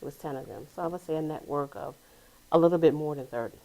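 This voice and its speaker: A woman with a deep, low voice talks about the mentoring program she runs. She answers in a halting way, breaking off and restarting her sentences. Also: vocal fry, mellow, poor audio. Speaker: founder of a youth mentoring program. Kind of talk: casual interview.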